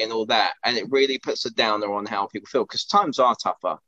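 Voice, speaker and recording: A man's voice: medium pitch, a little fast, bright, forceful tone, dull audio. A man, co-hosting a podcast in casual, earnest chat that rambles with restarts. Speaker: podcast co-host.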